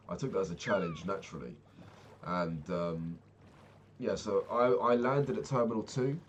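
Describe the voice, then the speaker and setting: Speaking at a moderate pace, a young vlogger with a voice that sits low casually recounts a travel story full of profanity and tangents. There's a slight hiss or hum, and his retelling is lively and animated.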